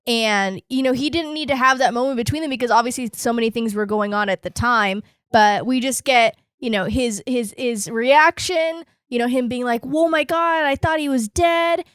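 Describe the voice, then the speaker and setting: A woman's voice: on the high side, moderate pace, few pauses, fairly bright tone, smooth, dry recording, clean studio sound. A woman co-hosting a podcast in casual chat, gushing and filling her talk with "like". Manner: gushing, lots of "like". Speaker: podcast co-host.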